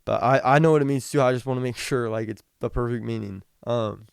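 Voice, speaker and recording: Smooth-voiced young man teaching casually. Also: medium pitch, no room sound, clean studio sound. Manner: rambling, restarts often, reads scripture slowly. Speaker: podcast host. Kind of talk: casual Bible teaching talk.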